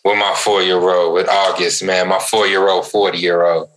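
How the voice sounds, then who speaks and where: Bright-voiced animated male storyteller. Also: deep voice, moderate pace, poor audio. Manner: animated storyteller, stammers and repeats words. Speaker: podcast co-host. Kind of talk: casual chat.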